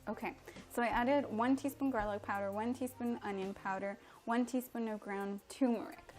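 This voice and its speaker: A woman's voice: fairly high pitch, steady tone, moderate pace, a little mellow, soft background music. A young woman from Mexico, chatting casually and giggling as she cooks and answers viewer comments on a home livestream. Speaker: livestream host. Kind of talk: casual live-stream chat while cooking. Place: home kitchen.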